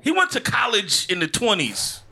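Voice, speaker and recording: A young man from Chicago with a Midwestern accent, performing a slangy stand-up comedy set on a club stage, shouting his punchlines. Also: high-pitched, huge pitch swings, moderate pace, vocal fry, slightly rough.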